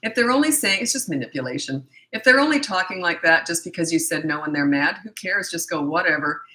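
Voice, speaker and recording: A middle-aged woman answers parenting questions in a blunt, matter-of-fact way. Her voice sits on the low side but comes out bright and forceful. Her throat is a little scratchy. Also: animated, fast. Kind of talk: casual Q&A advice.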